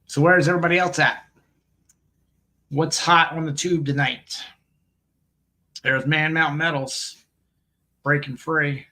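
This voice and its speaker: A man's voice: on the high side, fairly even intonation, unhurried, pauses often, bright, forceful tone. A man hosting a live coin stream, rambling and joking casually while reading viewer comments aloud and laughing often. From United States.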